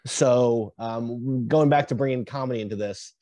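A man hosting a podcast interview, talking in a halting, easygoing way full of fillers. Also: mid-range voice, dark tone, no room sound. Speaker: podcast host.

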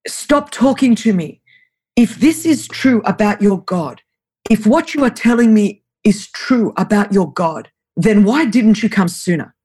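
A woman acting out a young female trafficking survivor who is distrustful and angry, speaking in a high, strained, pleading voice. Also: animated, measured pace, warm tone, breathy edge. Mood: anguished.

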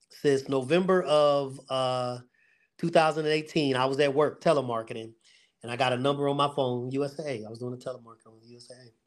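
A middle-aged man speaks at an ordinary pitch, earnest and plain-spoken, as he retells hard years and turning points on a podcast. He talks in a loose, conversational way, with fillers and restarts. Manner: earnest storyteller, faith-driven, with fillers and vivid retelling. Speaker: guest, security company owner. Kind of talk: casual podcast testimony.

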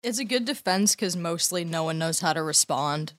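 A woman's voice: lowish voice, expressive, normal speed, no echo. A woman co-hosting a podcast, giving brief, dry responses in casual chat. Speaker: podcast co-host.

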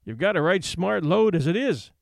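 A man's voice: sits high, big pitch swings, normal speed, vocal fry, no room sound, studio quality, full character voice. A man voicing plainspoken frontier onlookers with a drawling, folksy way of talking. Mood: wry.

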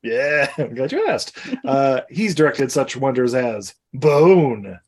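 A man's voice: medium pitch, animated, slow pace. A man co-hosting a casual podcast chat, chuckling often as he runs through film credits with joking asides. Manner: laughs often, lists film titles with asides. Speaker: podcast co-host.

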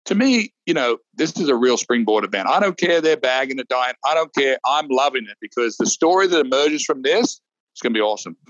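A man co-hosting a casual golf preview chat, animated and rambling, often restarting his sentences. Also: medium pitch, a little fast, no room sound, muffled recording. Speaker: golf show co-host.

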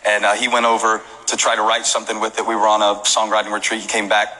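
A man preaching a sermon as pastor, mixing joking stories with rising shouted appeals to the congregation. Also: fairly low pitch, monotone, fast talker, poor audio. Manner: storytelling that builds to shouted preaching; jokey asides with laughs. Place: church service.

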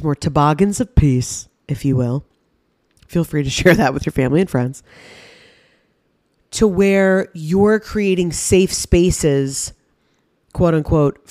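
Candid low-voiced woman podcast host. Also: warm tone, no echo, studio quality. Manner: candid and conversational, swearing casually, many fillers. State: heavily pregnant. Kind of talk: casual reflective monologue.

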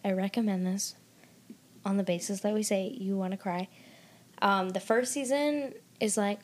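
A woman's voice: medium pitch, steady tone, moderate pace. A woman co-hosting a book podcast in casual chat, gushing and dramatic, with lots of "like". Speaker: podcast co-host.

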